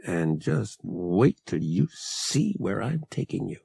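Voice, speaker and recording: A man voicing a cocky, easygoing young male pilot in an audiobook, speaking in a smug, low voice. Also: a little slow, husky, no echo, clean studio sound, full character voice. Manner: smug, relaxed, low delivery.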